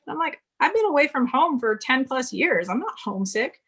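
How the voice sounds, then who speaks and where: A woman's voice: high voice, very animated, a little fast, a bit bright, husky. A woman in her forties from California, a guest in an interview, candidly telling her story and quoting the people she talked to. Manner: candid storytelling, quotes others in dialogue. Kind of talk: casual interview conversation.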